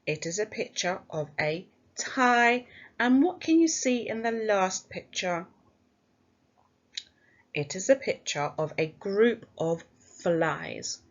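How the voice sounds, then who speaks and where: A primary school teacher with an English accent guides young children through phonics, slowly sounding out letters and praising them in an encouraging, sing-song way. Her mid-range voice is animated, and the recording is lo-fi.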